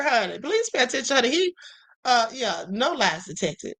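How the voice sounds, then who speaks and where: A woman hosts a live stream with sassy commentary, often calling her viewers honey. Her voice swoops widely and rings bright. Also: sits high, very animated, normal speed. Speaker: host.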